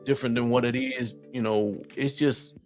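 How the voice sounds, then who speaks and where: Animated middle-aged man from Ohio with folksy slang. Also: mid-range voice, normal speed, faint music behind. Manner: animated, talks straight to viewers, folksy slang. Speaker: host reading live chat. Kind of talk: casual live-stream chat.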